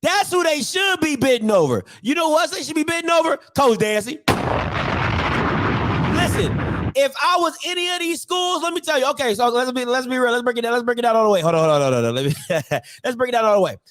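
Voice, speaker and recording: A man hosting a sports commentary show, talking in a joking, animated way and repeating phrases for emphasis. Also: very high voice, quick pace. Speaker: show host.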